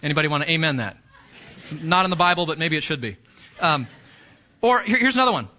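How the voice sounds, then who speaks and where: Male pastor, bright high voice, chatty sermon style with questions to the pews, dull lo-fi church recording. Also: expressive, fast talker, pauses often. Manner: conversational, repeats key phrases, questions the congregation.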